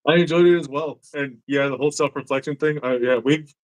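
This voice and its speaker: Laughing, swearing podcast host. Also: male voice, a little high, a little fast, low-quality recording. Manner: laughs often, swears freely, acts out his cats' reactions. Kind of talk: casual chat.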